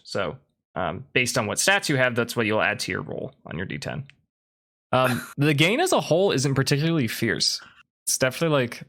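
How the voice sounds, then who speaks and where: A man's voice: mid-range voice, vocal fry, a bit bright. A man narrating a tabletop game as game master, loose and casual. He giggles often and fills his scene-setting with ums and likes. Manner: casual, giggly, filler-heavy.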